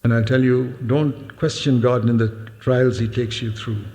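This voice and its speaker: An older man delivers an earnest sermon with a gravelly, creaky voice. He leans hard on key words and repeats them, and at times turns to speak straight to the children. His words ring with a long reverb through a church hall. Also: medium pitch, steady tone, a little slow, dark tone. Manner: speaks directly to children in the congregation. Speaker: preacher.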